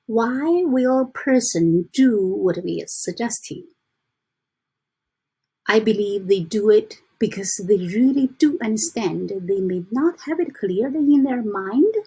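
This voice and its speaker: A woman talking softly and unhurriedly to her viewers in a casual motivational chat. Her voice is airy and a little husky, with frequent restarts. She lingers over each phrase as she reads passages aloud. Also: medium pitch. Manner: soft, halting, with frequent restarts and slow deliberate reading. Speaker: self-help vlogger.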